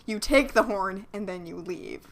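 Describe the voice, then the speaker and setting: A woman's voice: medium pitch, moderate pace. A woman co-hosting a podcast in casual chat, sarcastic and joking, swearing freely. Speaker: podcast co-host. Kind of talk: casual chat recapping a cartoon.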